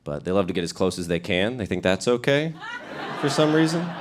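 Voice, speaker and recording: Animated young man doing stand-up. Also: on the low side. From Royston, Georgia, US South. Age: young adult. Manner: animated storytelling, quick bursts of put-on voices. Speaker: stand-up comedian. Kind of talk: stand-up comedy set. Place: comedy club stage before a laughing audience. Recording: noisy live club with audience laughter.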